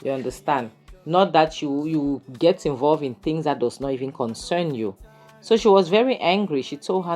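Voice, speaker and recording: A woman's voice: sits low, animated, normal speed, dark tone, soft background music. A young Nigerian woman vlogging a chatty review of a drama series, full of "you know" and "to her it was more like" as she recaps the scenes. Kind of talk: casual video commentary.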